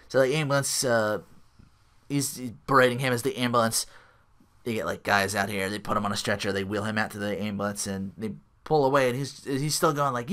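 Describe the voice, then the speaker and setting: A man's voice: lowish voice, fairly even intonation, a little fast, a bit bright. A man hosting a podcast, casually recapping a show in a rambling way, full of restarts and asides. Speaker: podcast host.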